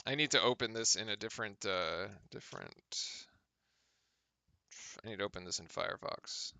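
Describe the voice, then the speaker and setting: Young guy doing fan play by play on a stream, super bright voice, keeps going what? at the refs. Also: lowish voice, normal speed, dry recording. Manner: exasperated, incredulous, laughing at calls, rambling restarts. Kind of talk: live fan commentary.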